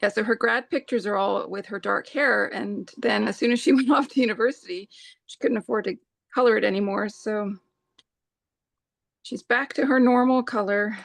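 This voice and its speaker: Gravelly woman in her forties, halting. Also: mid-range voice, no room sound. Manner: halting, with many fillers and restarts. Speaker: co-host of a live scrapbooking stream. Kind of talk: casual chat.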